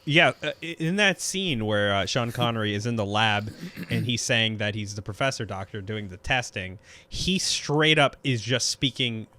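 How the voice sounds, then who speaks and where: A man's voice: fairly low pitch, normal speed, bright, forceful tone. A man guest on a film podcast, chatting casually in a jokey, giggly way. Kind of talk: casual chat.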